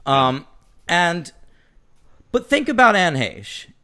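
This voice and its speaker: A man co-hosting a film review podcast, animated and profane, acting out lines as he chats. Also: high voice, takes it slowly. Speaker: podcast co-host. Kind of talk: casual film review chat.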